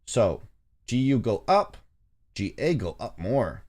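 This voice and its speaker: A man's voice: mid-range voice, sing-song, takes it slowly, a little mellow. A man hosting a trading livestream, chatting loosely and joking, with simple chopped phrases. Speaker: livestream host and forex trader. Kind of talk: casual livestream chat.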